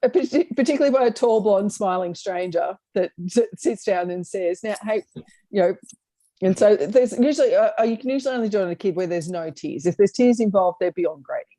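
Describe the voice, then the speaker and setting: A woman's voice: medium pitch, brisk, warm tone, no room sound. A woman co-hosting a casual comedy chat over a video call, telling stories and laughing often. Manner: chatty storyteller, laughs often. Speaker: co-host.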